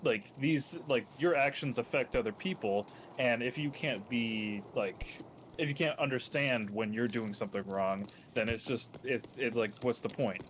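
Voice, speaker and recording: A man's voice: mid-range voice, normal speed, fairly bright tone, slight background noise, rough recording. A man in casual chat, talking in a reflective, rambling way, filling his speech with "like" and "um".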